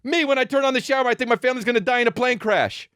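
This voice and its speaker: A man's voice: extremely high pitch, rapid-fire, clean tone, no room sound, clean studio sound. A man in his forties hosting a solo comedy podcast, rambling and cursing as he tells stories. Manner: profane, rambling, animated storytelling. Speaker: podcast host.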